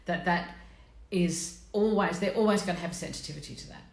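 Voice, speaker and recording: Middle-aged female host, deep voice, casual and frank, live stream from an echoey room. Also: fairly quick, gravelly. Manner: chatty, blunt and self-mocking, greets viewers by name.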